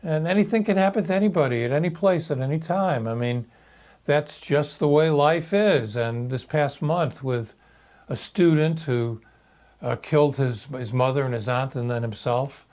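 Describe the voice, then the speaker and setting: A man in his sixties telling a personal story in a halting, reflective video monologue. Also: a little high, darkish tone. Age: 60s. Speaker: video blogger.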